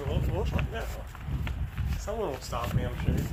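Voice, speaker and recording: A man's voice: mid-range voice, very animated, measured pace, long pauses, heavy background noise. A man talking casually as a delivery driver, chatty and amused, often laughing as he tells his stories. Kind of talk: casual vlog narration. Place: in a car and walking between stops.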